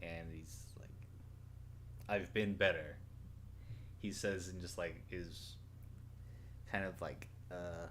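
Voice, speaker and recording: Male player, low pitch, halting casual description. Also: little pitch movement, slight background noise. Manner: hesitant, many fillers. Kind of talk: tabletop role-play.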